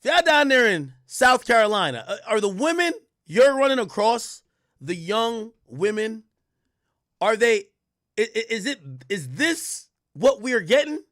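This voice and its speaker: New guy ranting on his stream, blunt and loud, kinda high voice, dry close sound. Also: measured pace, no room sound. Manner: blunt, animated, swears freely. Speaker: streamer host. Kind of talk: casual livestream commentary.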